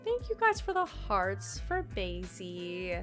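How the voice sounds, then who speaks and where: A woman's voice: medium pitch, huge pitch swings, slow, soft background music. Bubbly congested woman streamer. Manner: bubbly and chatty. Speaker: live streamer. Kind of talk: casual live-stream chat reading viewer messages.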